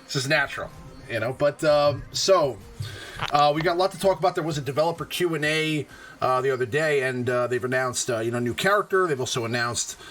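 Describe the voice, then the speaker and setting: A man's voice: medium pitch, a little fast, fairly bright tone, soft background music. A man hosting a casual live stream about a mobile game, laid-back and chatty, full of "uh"s and easy laughs. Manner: laid-back, many fillers and self-amused laughs. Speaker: host.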